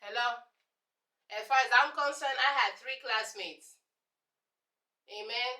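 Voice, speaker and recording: A young woman from Congo with a Congolese accent, a native Lingala speaker, telling sarcastic, animated stories to camera as a vlogger. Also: fairly high pitch, slow. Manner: sassy, sarcastic, animated storyteller. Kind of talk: casual storytelling to camera. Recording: echoey room, voice off-mic.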